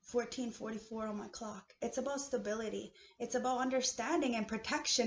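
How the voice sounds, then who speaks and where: A woman from Canada in a heated, profane personal rant, swinging between low muttering and shouting. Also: fairly even intonation, brisk, hardly any pauses. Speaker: vlogger. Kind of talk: emotional personal rant to camera. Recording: echoey room, dull lo-fi sound.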